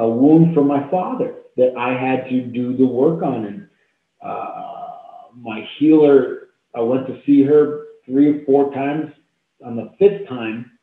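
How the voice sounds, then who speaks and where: A man in his fifties, a talk show guest telling a deeply personal story in an earnest, heartfelt way with repeated phrases, over a video call. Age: 50s. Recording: tinny phone-like echoey call audio.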